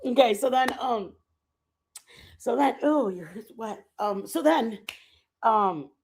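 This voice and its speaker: A woman streaming a casual chat, telling a rambling travel story in an animated way and laughing often. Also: fairly high pitch, slow. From Texas. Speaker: stream host.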